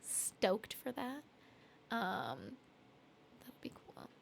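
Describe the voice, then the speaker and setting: A young woman from Canada talks to her live-stream viewers in a high, bright voice. She laughs often, apologizes a lot and fills her sentences with ums and likes. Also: very animated, drawn-out words, gravelly, a little hiss or hum. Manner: chatty, giggly, apologetic, lots of fillers. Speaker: streamer and singer-songwriter. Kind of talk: casual live-stream chat reading viewer comments.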